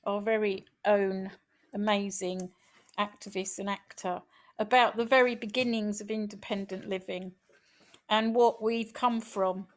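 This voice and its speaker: A woman activist reading her own poem in a slow, rhythmic recitation, then talking casually, over a video call. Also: medium pitch, fairly even intonation. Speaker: poet and activist.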